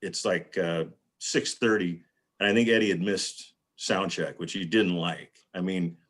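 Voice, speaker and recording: Sitting low with a steady tone, the man's voice is unhurried. A guest on a live video panel, he comes through a video call and tells a meandering, casual anecdote, acting out the quotes.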